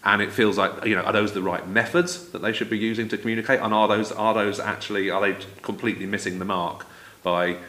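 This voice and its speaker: A man's voice: sits low, bright, forceful tone. A man co-hosting a podcast, raising questions in loose, searching phrases. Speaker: co-host. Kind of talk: podcast conversation.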